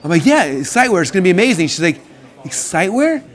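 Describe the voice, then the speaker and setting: A man in his thirties hosting a live stream, telling his story in a casual, eager, excitable way. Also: high voice. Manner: eager, excitable, talks in rapid bursts.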